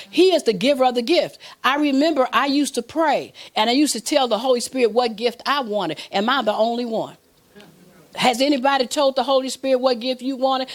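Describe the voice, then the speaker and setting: Woman preaching with amens. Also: high voice. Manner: call-and-response with the audience, asks for amens; acts out prayers and God's replies. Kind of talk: sermon.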